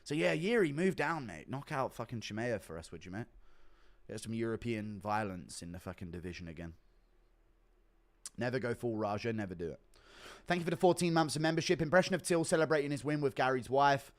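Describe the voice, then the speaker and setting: Man, young, live streamer, reads donations, crude banter, laughs a lot, mid pitch. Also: lively intonation, a little fast. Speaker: streamer host.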